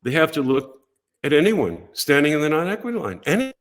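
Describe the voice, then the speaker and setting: Lively older man telling a story. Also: on the high side, brisk. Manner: lively, acts out voices and quotes in his stories. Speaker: guest. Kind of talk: animated storytelling.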